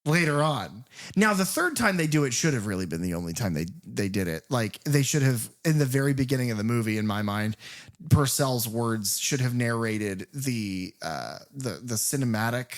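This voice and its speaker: A man's voice: mid-range voice, moderate pace. A man co-hosting a podcast, chatting casually and animatedly about a horror sequel, swearing freely and acting out scenes. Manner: animated, profane, acts out movie scenes. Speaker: podcast co-host. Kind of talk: casual film review chat.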